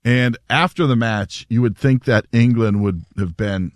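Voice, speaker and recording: A man's voice: mid-range voice, unhurried, no room sound, studio quality. A man hosting a casual radio show, telling stories animatedly and laughing as he talks. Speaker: radio host.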